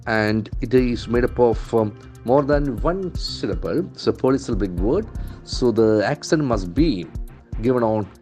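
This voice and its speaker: A man teaching vocabulary from newspaper headlines, repeating and spelling out words slowly. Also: mid-range voice, animated, darkish tone, faint music behind. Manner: slow, repetitive, spells out and stresses words. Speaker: English language trainer.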